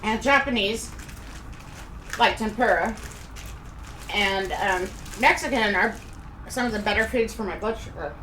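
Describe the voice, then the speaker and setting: This middle-aged Kansas, USA, woman rambles casually through a live stream from a home room, chatting as she eats. She speaks at a measured pace with frequent pauses, her medium-pitched voice bright and forceful, against an echoey room and faint background noise.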